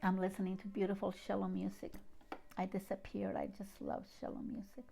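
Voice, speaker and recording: A woman with a foreign accent giving a gentle, heartfelt inspirational talk and reading a poem, with soft hushed asides. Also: medium pitch, completely flat delivery, a little fast, vocal fry. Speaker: spiritual channel host.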